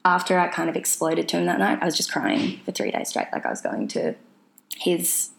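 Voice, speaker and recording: A woman's voice: lowish voice, expressive, a little fast, creaky. A young woman telling a personal story casually, rambling with lots of fillers and restarts. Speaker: vlogger sharing her mental health story.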